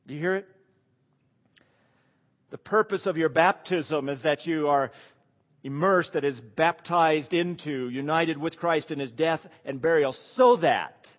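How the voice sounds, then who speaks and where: A man preaching a sermon, asking the congregation questions and stressing key words. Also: a little high. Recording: long hall reverb.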